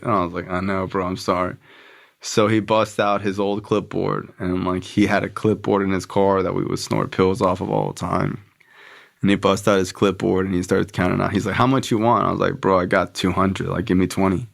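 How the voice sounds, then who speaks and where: A man's voice: lowish voice, fairly even intonation, moderate pace, vocal fry. A man speaking as a podcast guest, telling a story in a loose, casual way. He talks with plenty of filler and swearing, and he acts out the dialogue he is recounting. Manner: loose and profane, heavy on filler "like" and "bro", acts out quoted dialogue.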